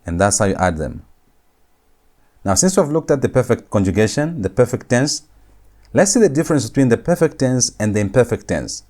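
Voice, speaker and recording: A man's voice: lowish voice, a little mellow. A man teaching a recorded grammar lecture, repeating each key point and saying every form twice. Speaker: Hebrew teacher.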